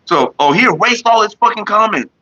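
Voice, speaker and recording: A man's voice: high voice, animated, a little fast, pushed and bright, dry recording. A young man vlogging, retelling an online argument in a casual, profane, laughing way on a dull lo-fi home recording. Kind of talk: casual storytelling.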